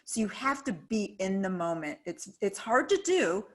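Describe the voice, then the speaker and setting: A woman's voice: medium pitch, sing-song, moderate pace. Earnest woman coaching on public speaking. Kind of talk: webinar advice talk.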